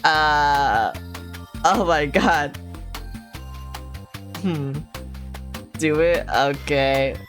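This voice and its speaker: A woman with a low voice streams a game and jokes her way through it, swearing and tossing off asides. She talks in a loose, casual way. Faint game music runs behind her. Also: extremely slow, pauses often. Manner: joking, swearing, laughing asides. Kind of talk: casual let's-play commentary.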